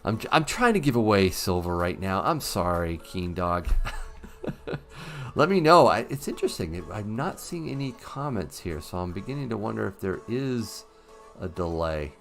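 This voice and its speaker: A man's voice: on the low side, very animated, unhurried, creaky, fairly bright tone, faint music behind. A man hosting a casual livestream, chatting with viewers in an upbeat, easygoing way. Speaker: livestream host.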